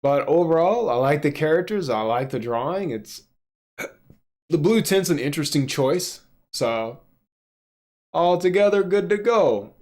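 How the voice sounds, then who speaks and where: A man's voice: a little high, animated, unhurried, darkish tone. Joking, offhand male streamer. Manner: joking, offhand, crude asides. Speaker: streamer reading webtoons. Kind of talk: casual live-stream commentary.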